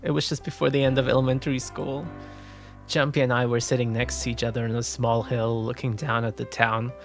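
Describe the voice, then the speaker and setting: A man's voice: mid-range voice, little pitch movement, brisk. A young man streaming a video game, chatting casually and emotionally and swearing freely. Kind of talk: casual gameplay chat. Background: game music.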